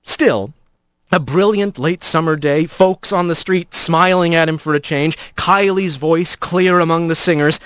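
A man narrating an audiobook in an expressive, animated storytelling manner. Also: on the high side, unhurried, clean tone, no echo.

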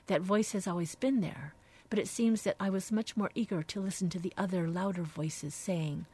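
A woman radio host reading aloud from a devotional book in a slow, reflective, soft-spoken way, dropping now and then into hushed phrases. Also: medium pitch, husky.

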